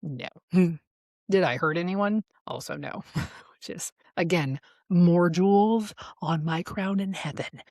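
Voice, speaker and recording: This podcast host is a woman in her forties whose medium-pitched, expressive voice moves at a normal speed, recorded on a studio mic with studio-quality sound and no room sound. Hosting alone, she shares her story frankly and profanely, frequently laughing mid-sentence and erupting into heated outbursts.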